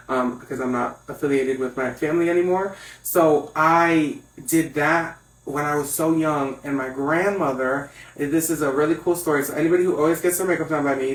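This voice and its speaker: A young man talks as a guest on a podcast, telling his story with lively, animated delivery. His voice sits fairly high for a man. He sounds set back from the microphone in an echoey room. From Connecticut. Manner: animated storyteller, acts out high voices when quoting others. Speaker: guest, makeup artist. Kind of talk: casual interview chat. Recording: echoey room, mic at a distance.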